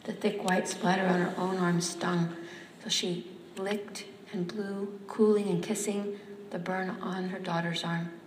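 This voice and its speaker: A woman reads a story aloud to a live audience in a measured, even storytelling manner. Her delivery stays fairly flat in pitch. The sound is roomy with a long hall reverb and faint background noise. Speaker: author or reader at a reading.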